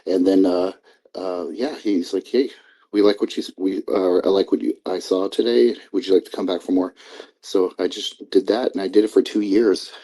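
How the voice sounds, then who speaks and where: A man's voice: sits low, steady tone, normal speed, warm tone. A middle-aged man as an interview guest, telling stories casually, swearing freely and acting out the dialogue. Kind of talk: casual storytelling.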